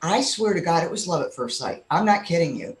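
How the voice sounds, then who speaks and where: A woman on an interview show chats with a sarcastic, playful edge. Her pitch jumps around a lot as she talks. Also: lively intonation, a little fast, poor audio. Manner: sarcastic, jokey. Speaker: interview guest. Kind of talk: casual chat.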